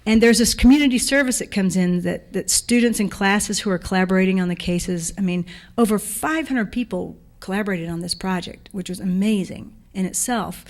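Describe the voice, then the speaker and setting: A woman giving a guest lecture in a lecture hall, talking fast and energetically, correcting herself and chatting with the audience. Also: mid-range voice. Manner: energetic, rushed, self-correcting, speaks to audience. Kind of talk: public art lecture.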